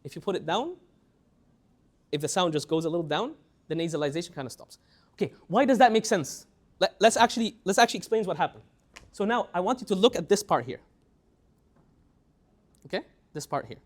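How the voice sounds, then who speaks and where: A young man teaching a tajweed class in a lively lecture style, often repeating words and breaking off to chant slow example phrases. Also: sits high.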